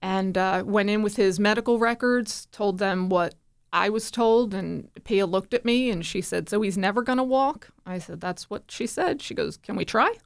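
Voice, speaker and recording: Animated woman telling a family story. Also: medium pitch, normal speed, vocal fry, smooth. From New Jersey. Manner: animated, acts out quoted voices. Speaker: guest. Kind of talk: conversational storytelling.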